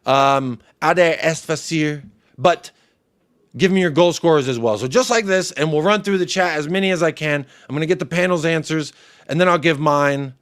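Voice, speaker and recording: Brief: American man, slightly high voice, playful fan-show host on a video call. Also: normal speed, a bit bright, smooth. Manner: playful, teasing, jokey asides. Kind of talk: casual fan-show chat.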